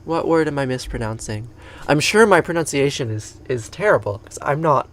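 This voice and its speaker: A woman with an English accent hosting a spiritual livestream, talking casually and softly between chants, often chuckling. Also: extremely low pitch, expressive, slight background noise. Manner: unhurried, soft-spoken, chuckles between remarks. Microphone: home livestream setup.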